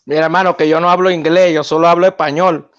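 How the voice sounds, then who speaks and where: A man puts on a boastful veteran boxer who jokes about his age. The voice sits high and rattles along quickly. It comes through dull, lo-fi call audio. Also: steady tone, a bit bright, natural voice. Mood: joking. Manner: playful, brash. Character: boastful aging male veteran boxer, joking. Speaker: livestream guest. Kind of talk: comic impression.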